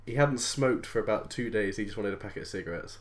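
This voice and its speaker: A woman's voice: extremely low pitch, expressive, fast. A British woman in casual chat, telling an exasperated shop-work story with frequent laughter. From Britain.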